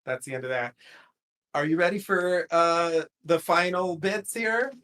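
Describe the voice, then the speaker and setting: A man's voice: on the high side, a little slow, fairly bright tone. A man casually recapping a TV episode on a podcast, chatty and rambling, laughing often.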